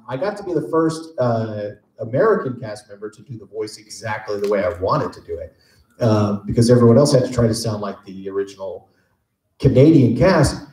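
A man in his fifties from Texas, telling stories and joking as a voice actor answering questions at a convention panel. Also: medium pitch. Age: 50s. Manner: animated joking storyteller. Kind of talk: casual convention Q&A. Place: large convention panel room. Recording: echoey convention hall.

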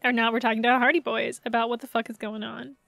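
A woman streamer chatting in a casual, rambling way between bouts of gameplay, laughing often. Her voice sits high and bright, recorded close and dry with no room sound. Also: little pitch movement, quick pace, vocal fry, dry recording. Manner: giggly, rambling, playful. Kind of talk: casual live-stream chat.

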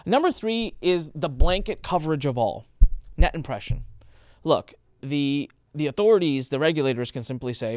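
A man's voice: expressive, fast, a little mellow, clear, resonant tone, dry recording, clean studio sound. A man hosting a channel, explaining marketing rules in a casual talk to camera, emphatic and acting out quoted speakers. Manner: emphatic, acts out quoted speakers with raised pitch. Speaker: host explaining marketing compliance.

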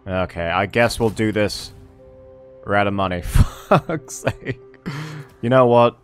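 Low-voiced man muttering through a strategy game. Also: normal speed, faint music behind. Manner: thinks aloud, swears, mutters to himself. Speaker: gameplay streamer. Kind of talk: casual let's-play commentary.

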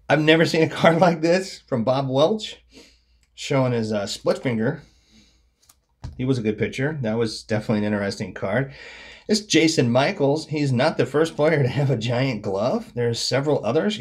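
A man's voice: medium pitch, breathy edge. A man casually commenting on his baseball card collection, wry and mocking, often trailing off into mumbled asides.

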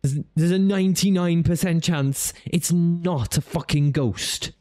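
A man's voice: on the high side, a little slow, mellow, soft background music. A man commenting on a video, laughing often and swearing playfully as he mocks what he sees. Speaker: reaction video host. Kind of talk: reaction commentary. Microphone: studio podcast mic.

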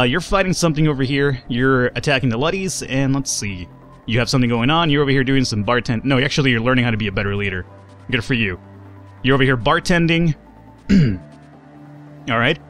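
A man with a middle-pitched voice chats casually over gameplay. He rambles, backtracks and swears offhandedly. Soft music plays faintly behind him. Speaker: let's play host.

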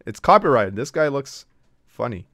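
A man's voice: medium pitch, very animated, normal speed, a bit bright, dry recording. Brash, profane male game streamer. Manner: brash and profane, trash-talking chat. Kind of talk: casual live-stream commentary.

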